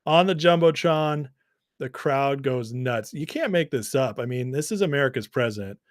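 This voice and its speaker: A man with a deep voice hosting a livestream, chatting loosely and reading viewer comments. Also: lively intonation, moderate pace, no echo, studio quality. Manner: chatty, laughs often, many fillers and restarts. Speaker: livestream host.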